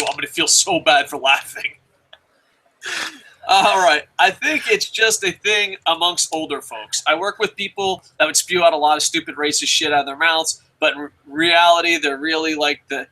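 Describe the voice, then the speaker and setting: A man's voice: fairly high pitch, sharp tone, rough recording. A man from New Jersey hosting a casual chat show, rambling and cursing freely with frequent laughs. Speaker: show host.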